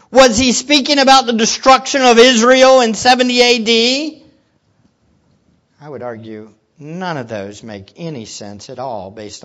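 A preacher giving a sermon, swinging from hushed low teaching to loud excited exclamations and putting questions to the listeners. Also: highs cut off. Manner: asks the audience questions.

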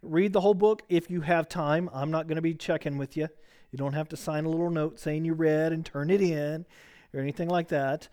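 A middle-aged man leads a weeknight Bible class in a church classroom. His voice sits a little high and sounds smooth and resonant. He rambles in a friendly way, cracking jokes, with plenty of ums and restarts. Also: fairly even intonation, fairly quick, a little mellow. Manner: chatty, rambling, joking, many fillers and restarts. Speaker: Bible study teacher. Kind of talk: casual teaching to a small group.

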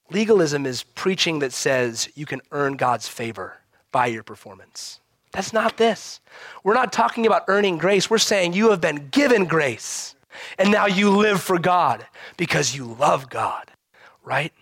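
A married man, a pastor, preaching a sermon with animated acted-out quotes and humor. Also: sits high, normal speed, no room sound, clean studio sound. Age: adult married man.

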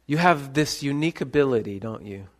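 A pastor preaching a sermon, swinging between hushed reflection and loud, ringing calls. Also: male voice, mid-range voice, expressive, a little fast. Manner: dramatic shifts between soft and loud, calling out names.

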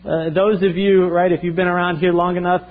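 A man's voice: high-pitched, flat delivery, brisk. Earnest male pastor preaching. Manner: earnest, repeats himself, restarts phrases. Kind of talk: sermon. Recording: tinny phone-like sound.

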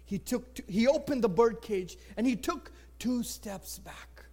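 A man telling a moral story dramatically, swinging between loud exclamations and hushed near-whispers. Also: extremely high pitch, animated, measured pace, hardly any pauses.

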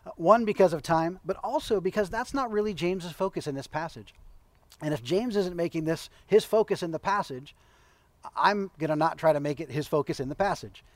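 A man's voice: a little high, fairly quick, no echo, low-quality recording. A man preaching a sermon as a pastor, explaining scripture in a conversational way with occasional light humor.

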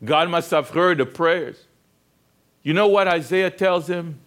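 A pastor preaching a sermon retells a story, posing rhetorical questions to the congregation and frequently restarting his sentences. His voice sits on the high side, a bit bright, and a little slow.

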